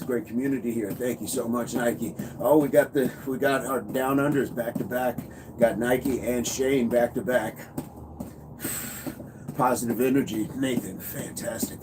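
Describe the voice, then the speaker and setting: A man coaching fitness on a casual livestream, upbeat, reading and answering viewer comments. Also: medium pitch. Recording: noisy background.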